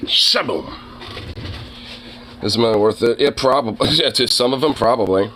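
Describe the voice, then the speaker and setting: A man's voice: medium pitch, quick pace, a bit bright, a little hiss or hum. A man streamer giving rambling, casual commentary on clips, with many fillers, swearing and laughs. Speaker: streamer reacting to videos.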